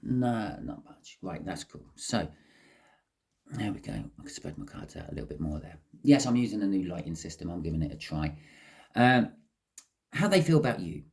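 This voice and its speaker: A man's voice: low-pitched, big pitch swings, normal speed, gravelly, darkish tone. A man giving a casual, chatty tarot reading to camera, explaining each card as he goes. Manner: chatty, explains as he goes, says "okay" often. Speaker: tarot reader.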